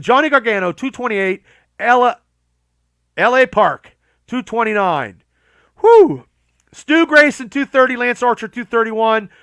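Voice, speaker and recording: A man's voice: high-pitched, sharp tone, clear, resonant tone, no room sound. A male podcast host reading through a wrestling ranking list, stopping now and then for blunt, profane asides.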